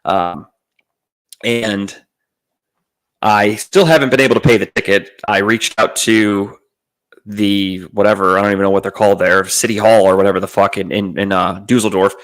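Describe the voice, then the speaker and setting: A young man with a somewhat low voice tells a long casual story on a podcast. He swears freely and rambles, trailing off into fillers and starting over as he goes. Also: fairly even intonation, moderate pace, a bit bright. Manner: profane, rambling, with frequent fillers and restarts. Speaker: podcast host.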